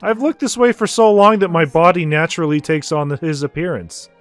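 A man reading the lines of a calm, matter-of-fact fox creature disguised as a boy in a video game. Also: a little high, a little fast, soft background music, lightly acted.

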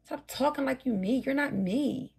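Gravelly woman ranting on a livestream. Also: sits high, normal speed, a little mellow. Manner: profane, combative, talks straight at her chat. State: tired, burnt out. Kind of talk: late-night livestream rant to viewers.

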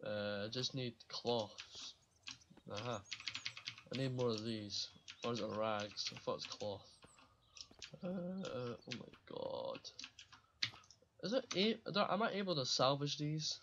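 A man's voice: mid-range voice, expressive, takes it slowly, pauses often, muffled recording, noisy background. A man giving casual commentary while playing a survival game, rambling and swearing freely and laughing at his own slips. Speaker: gaming channel host.

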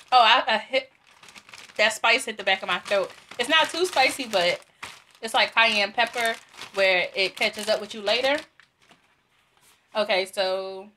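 A young woman with a fairly high voice chats through an unboxing review, giggling often and filling pauses with "um" and "like". There is a faint hiss behind her on a simple camera mic. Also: pushed and bright. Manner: chatty, giggly, lots of fillers. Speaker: beauty vlogger. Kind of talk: casual product unboxing review.

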